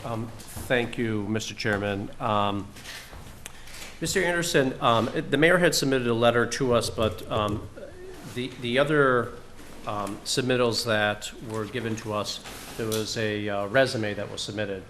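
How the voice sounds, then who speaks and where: A man's voice: on the low side, unhurried, a bit bright, a little hiss or hum. A man speaking as a city councillor, asking hesitant questions with many filler words.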